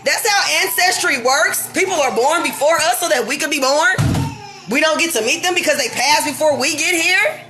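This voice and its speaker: A woman's voice: high-pitched, normal speed, over music. A woman in her thirties ranting to camera from her kitchen at home, heated and profane, at times near tears. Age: 30s. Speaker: vlogger. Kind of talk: unscripted rant to camera.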